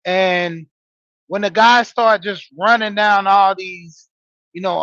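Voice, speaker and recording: A man in his forties with a high voice talks straight to his listeners, telling a story in a loose, casual monologue full of "you know"s. The sound is dry and a little dull, with no room around it. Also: slow, pauses often, fairly bright tone, no room sound. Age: 40s. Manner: storytelling, talking straight to listeners with frequent fillers. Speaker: podcast host and wrestling coach. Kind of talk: casual monologue, greeting live chat.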